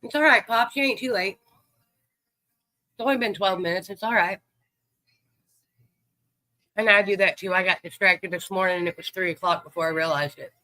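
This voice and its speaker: A man's voice: sits high, moderate pace, long pauses, pushed and bright, no room sound, rough recording. A man hosting a livestream, chatting easily with viewers and greeting them by name. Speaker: livestream host. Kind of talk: casual chat with viewers.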